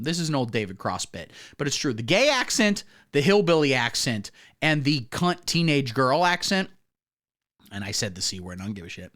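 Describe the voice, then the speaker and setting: Animated, profane male comedy streamer. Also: a little high. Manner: profane, rambling, mocking riffs. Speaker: comedy livestream host. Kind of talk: crude comedic reaction commentary.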